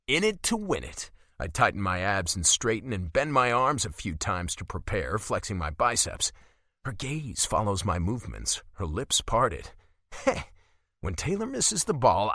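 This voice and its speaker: A man narrating a romance audiobook in first person, expressive and wry. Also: mid-range voice, no echo, studio quality.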